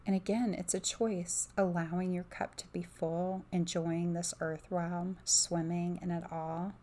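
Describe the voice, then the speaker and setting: A woman hosting an ASMR oracle card reading on a livestream. She speaks softly on a close microphone, drifts into whispers, and gushes with dreamy enthusiasm. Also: lowish voice, flat delivery, unhurried. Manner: soft-spoken, slipping in and out of whispers.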